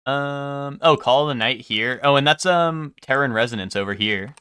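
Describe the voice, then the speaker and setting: A young man streaming live and chatting casually with his viewers, rambling, swearing freely and filling pauses with "um". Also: mid-range voice, pushed and bright, clean tone, no echo, studio quality. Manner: rambling, swears a lot, full of ums.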